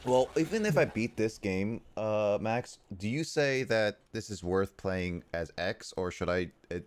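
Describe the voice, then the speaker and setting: A man's voice: on the low side, animated, unhurried, a little hiss or hum. A man streaming a video game, chatting casually, laughing often and restarting his sentences. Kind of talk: casual gameplay chat.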